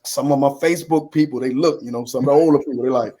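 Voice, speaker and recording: A man's voice: medium pitch, fast talker, dark tone. A man in his fifties, a guest talking casually about his life. He acts out conversations and keeps saying "man" as he goes. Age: 50s. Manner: acts out dialogue, drops in "man" a lot. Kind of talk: conversational storytelling. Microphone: computer on a video call.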